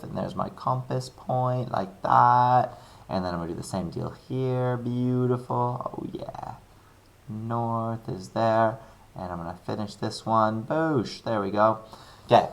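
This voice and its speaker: A male maths teacher works through an example in a screen-recorded lesson, upbeat and chatty, thinking aloud with playful asides. His voice is on the low side with a fairly bright tone.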